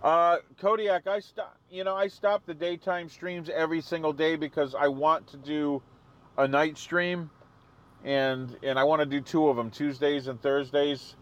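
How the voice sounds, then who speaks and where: A man's voice: on the high side, fairly even intonation, measured pace, a bit bright, highs cut off. A man hosting a live stream, chatting casually with viewers and answering their comments. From New England.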